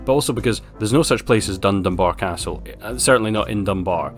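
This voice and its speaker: Scottish guy reviewing films, low voice, blunt and sarky. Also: fast talker, soft background music. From Scotland. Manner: wry, blunt and sarcastic. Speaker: film reviewer. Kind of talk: casual film review monologue.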